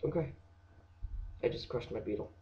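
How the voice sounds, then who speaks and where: A teenage boy rambling through a jokey comic rant, dropping into hushed whispered asides. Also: moderate pace, muffled recording. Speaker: vlogger.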